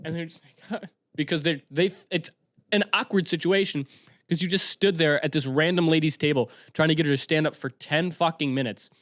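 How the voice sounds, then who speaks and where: A young man hosting a casual solo podcast, rambling and excitable, breaking into sudden bursts of yelling. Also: fairly high pitch, brisk, no room sound, studio quality. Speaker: podcast host.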